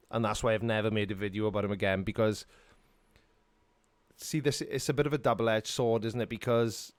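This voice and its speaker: A middle-aged Welsh man hosts a casual live stream from his home studio, rambling, joking, and laughing often as he answers chat questions. His voice is mid-range and clean, recorded dry.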